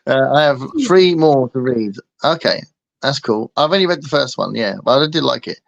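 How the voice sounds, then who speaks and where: A man co-hosting a casual livestream chat, relaxed, reading out viewers' comments. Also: mid-range voice, moderate pace, gravelly, no echo, dull audio. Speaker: co-host.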